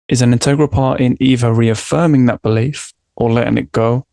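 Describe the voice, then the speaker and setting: A man with a gravelly, creaky voice reads out his prepared analysis at a steady, measured pace. His delivery is reflective, and the sound is dry and close, with no room echo. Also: mid-range voice. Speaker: podcast host presenting film analysis.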